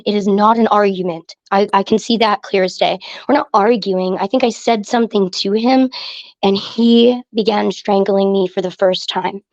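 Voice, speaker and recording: A woman from Pennsylvania recounting a hard personal story as a podcast guest, earnest and halting with many fillers. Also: medium pitch, darkish tone, no room sound. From Pennsylvania, USA. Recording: dry, slightly dull recording.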